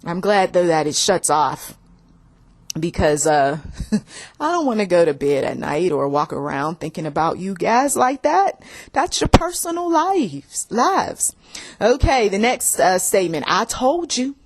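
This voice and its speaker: A woman's voice: fairly low pitch, sing-song, unhurried. A woman hosting a faith-based talk about relationships, chatting casually, laughing often and acting out both sides of arguments. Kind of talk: casual spoken commentary with acted quotes.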